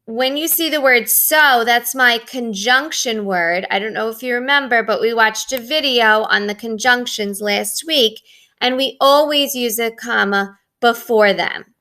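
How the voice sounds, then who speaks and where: A middle-aged woman teacher talks her young pupils through a lesson in a clear, bright voice that sits a little high. She explains patiently, one step at a time, in the measured tone of a recorded classroom lesson. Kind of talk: recorded remote writing lesson.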